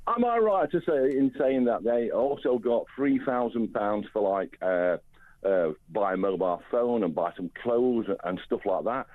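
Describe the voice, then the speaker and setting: Indignant caller on a phone line. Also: male voice, medium pitch, measured pace, dry recording. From Derbyshire, England. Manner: indignant, lively.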